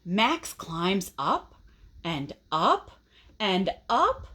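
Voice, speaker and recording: A woman reading a picture book aloud to children in an expressive way, pausing to ask the listeners questions. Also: mid-range voice.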